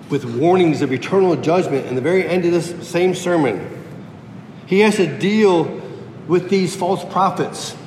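Emphatic preacher man in an echoey hall. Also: darkish tone. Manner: emphatic, repeats key phrases for effect. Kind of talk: sermon. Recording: echoey hall with faint rumble.

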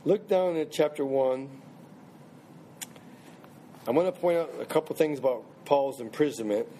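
A man's voice: on the high side, moderate pace, mellow, slight background noise. A man teaching a small Bible study group in a conversational way, restarting phrases and checking in with questions.

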